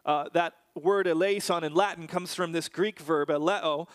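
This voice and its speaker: A man's voice: fairly high pitch, steady tone, moderate pace, dry recording. A man preaching a sermon, telling a personal story and then explaining a Bible passage in a storytelling manner with frequent fillers and restarts.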